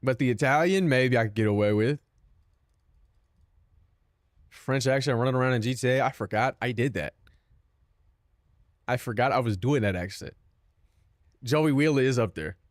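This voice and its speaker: Joking around with his stream viewers, a young man swears freely and mocks himself. He speaks in a mid-range voice at a normal pace with long pauses. The studio sound is clean with no echo.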